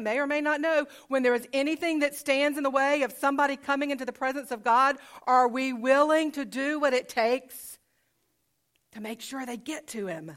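A woman's voice: fairly high pitch, fairly bright tone. A woman pastor preaching a sermon conversationally, asking rhetorical questions and repeating phrases for emphasis.

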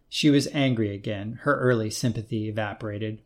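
A man hosting a short-story show, reading the narration in a calm, measured way. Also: lowish voice. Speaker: narrator and host.

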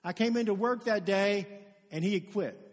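A man's voice: sits high, normal speed. A man preaching a sermon as pastor, telling stories earnestly and building to emphatic peaks. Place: church sanctuary. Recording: long reverb of a large hall.

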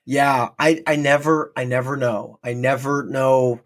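A man from North Dakota co-hosting a casual podcast chat, talking in an animated way with lots of restarts and quick laughs. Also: medium pitch. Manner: chatty, laughing, stumbling restarts. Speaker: podcast co-host.

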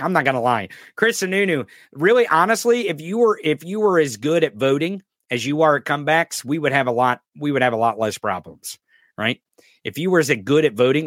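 A man's voice: medium pitch, fairly bright tone, no room sound, studio quality. Ranting, profane male podcast host. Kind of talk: political commentary podcast.

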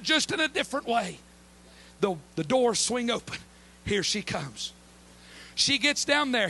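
A man preaching a sermon, his voice pitched very high with a sharp, tense edge. He tells the story with dramatic flair and plain, folksy country words.

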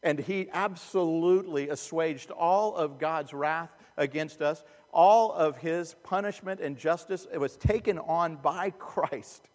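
A man preaching a sermon as a pastor, earnest and emphatic, dropping to hushed asides. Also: on the high side. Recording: long reverb of a large hall.

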